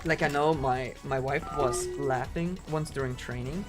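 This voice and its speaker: Game music plays as a German-accented streamer, a speedrunner, chats loosely with his audience, peppering his talk with "like." He has a mid-range voice, a steady tone, and a normal speed.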